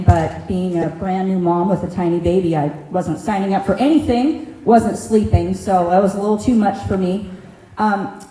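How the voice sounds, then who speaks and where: A woman's voice: mid-range voice, dark tone. A middle-aged woman giving an earnest, heartfelt public comment at a community meeting, plain-spoken and personal. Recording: echoey meeting room, faint ambience.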